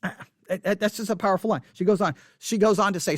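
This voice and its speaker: A man's voice: sits high, fairly even intonation, fast talker, no echo, studio quality. A man hosting a casual spoken commentary, emphatic, often restarting his words.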